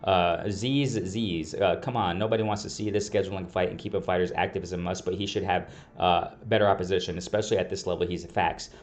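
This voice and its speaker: A man's voice: low-pitched, steady tone, a little fast, few pauses. A man hosting a casual reaction video, reading out comments in an exasperated way, repeating himself and laughing often. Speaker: boxing commentary video host.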